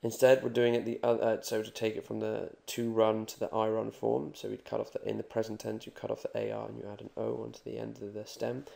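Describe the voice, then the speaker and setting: A man teaching Spanish grammar in a video lesson, joking and reassuring as he repeats examples slowly. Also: lowish voice, completely flat delivery, vocal fry, warm tone.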